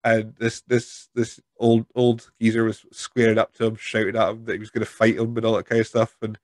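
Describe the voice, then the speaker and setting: A man's voice: fairly low pitch, monotone, a little fast, darkish tone, no room sound. Chatty Scottish man hosting a podcast. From Scotland. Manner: chatty, laughs often, tells anecdotes. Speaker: podcast host. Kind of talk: casual interview chat.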